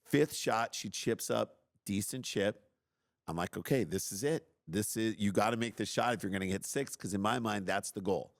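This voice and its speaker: Deep-voiced man telling a story animatedly. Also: normal speed, creaky, no echo, studio quality. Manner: animated, self-deprecating, acts out his own outbursts. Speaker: podcast host telling a story. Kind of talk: casual storytelling.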